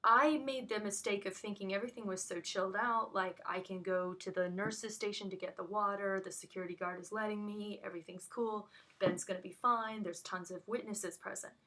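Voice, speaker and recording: A woman's voice: mid-range voice, fairly even intonation, brisk, bright, forceful tone. A woman giving an emotional first-hand account of an incident, speaking urgently with frequent restarts. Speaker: witness recounting an incident.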